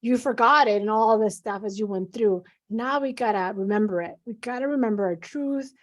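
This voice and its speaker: Middle-aged woman, physician guest, earnest and animated, fairly high voice. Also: moderate pace. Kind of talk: conversational interview.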